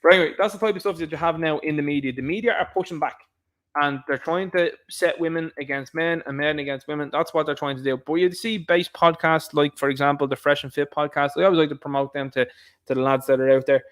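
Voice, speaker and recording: A man's voice: on the high side, steady tone, fast, fairly bright tone. Ranting man, raised voice. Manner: ranting, mocking, acts out quotes. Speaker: podcast host. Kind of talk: opinion commentary monologue.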